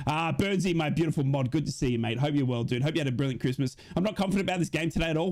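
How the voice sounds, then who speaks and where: Excitable, chatty man with a high voice. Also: very fast, hardly any pauses. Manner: chatty, matey, bursts into excited shouts. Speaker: live-stream host. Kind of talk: casual live-stream chat.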